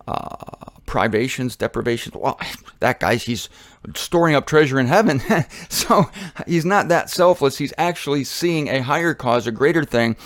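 A man giving a sermon in an animated, conversational way, often acting out voices. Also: mid-range voice, normal speed, no echo. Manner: animated, conversational, acts out quotes.

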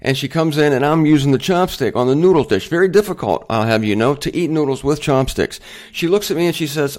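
A man's voice: on the high side, fairly quick, darkish tone. A man hosting a Bible teaching show, chatty and digressive, with self-deprecating humor and emphatic points. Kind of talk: casual Bible teaching monologue.

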